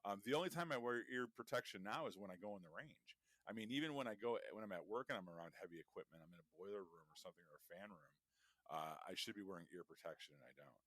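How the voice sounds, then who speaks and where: Man, very low voice, dry close sound, casual swearing, rambling podcast chat. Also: lively intonation, quick pace, a bit bright, no room sound. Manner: profane, rambling, digressive. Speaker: podcast co-host.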